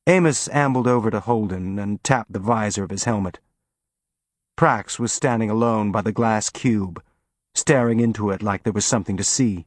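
A man reads an audiobook in a steady, measured way. His voice sits on the low side, and the recording is clean studio sound with no room noise.

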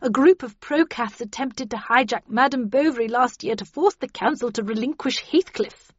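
A woman voicing a stern old woman agent who speaks briskly and grimly. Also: medium pitch, breathy edge, dry recording, dull audio, pitched above the performer's own voice, lightly acted. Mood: urgent. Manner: brisk and grim.

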